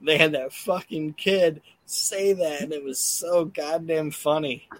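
A man's voice: a little high, measured pace, fairly bright tone, dry recording. A man hosting a casual podcast, rambling through a recap with plenty of cursing and fillers. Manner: rambling and profane, lots of fillers. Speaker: podcast host. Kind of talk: casual podcast chat recapping wrestling shows.

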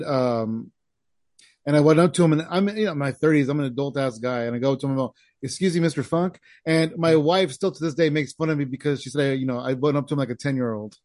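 A man's voice: mid-range voice, a little mellow, no room sound, clean studio sound. A man in his forties hosting a podcast, talking in a laid-back, friendly way. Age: 40s. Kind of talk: casual podcast chat.

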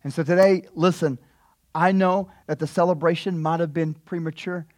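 High-voiced animated male preacher. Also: normal speed, no room sound, studio quality. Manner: animated storytelling, voice swings from hushed to loud. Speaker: pastor. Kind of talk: sermon.

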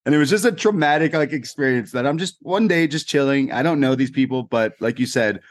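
A man co-hosting a casual podcast, telling an animated anecdote with lots of fillers. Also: mid-range voice, brisk, no room sound, studio quality. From Canada. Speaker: podcast co-host. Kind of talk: casual chat, storytelling.

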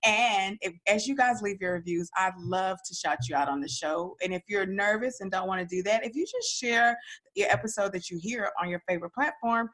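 This podcast host is a woman with a Southern Dallas accent, speaking at medium pitch, a little quickly and a bit brightly. Her casual chat is upbeat and chatty, peppered with plenty of "y'all" and "girl."

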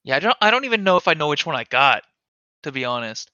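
Bright, crude young man on a podcast. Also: fairly high pitch, fast talker, dry recording, highs cut off. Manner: crude, excitable storytelling with frequent laughter. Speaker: podcast co-host. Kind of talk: casual chat.

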